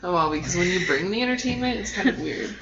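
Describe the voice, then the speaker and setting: A woman's voice: lowish voice, animated, fast talker. A woman co-hosting a podcast in casual chat, blunt and joking, often laughing as she talks. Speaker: podcast co-host. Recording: echoey room, dull sound, background noise.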